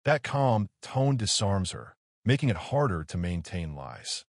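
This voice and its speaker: A man giving scripted, measured narration explaining a police interrogation. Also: deep voice, very animated, no room sound. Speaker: true crime commentator. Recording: dry close-mic voice-over.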